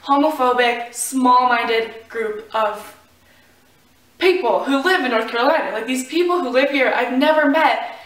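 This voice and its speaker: A vlogger from Florida tells a personal story to camera, her voice sitting high, a little slow and a bit bright. She's chatty and rambling, filling her speech with "like" and "um," and the distant mic gives a roomy sound.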